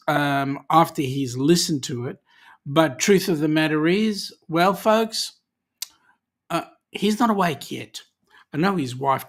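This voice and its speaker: An Australian host chatting casually on a livestream, reading out viewer comments in a jokey way with plenty of ums and restarts. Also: medium pitch.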